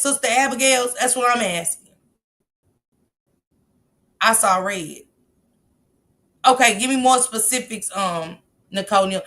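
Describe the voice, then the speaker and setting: A woman hosting a casual livestream, reacting emphatically to viewer comments, blunt and quick to laugh. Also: medium pitch, fairly bright tone. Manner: laughs often, blunt and profane. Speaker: livestream host reading viewer chat.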